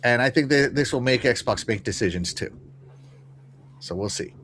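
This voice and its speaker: Man, stream host, lively up-and-down pitch, casual chat, faint background noise. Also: normal speed. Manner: animated, many fillers and restarts, talking to a live chat. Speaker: podcast host.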